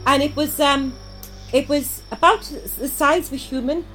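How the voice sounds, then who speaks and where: A woman's voice: sits high, fairly even intonation, moderate pace, sharp tone, soft background music, poor audio. A woman voicing a caring mentor adventurer with a Liverpool accent, rambling and hesitant in a tabletop role-play. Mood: earnest.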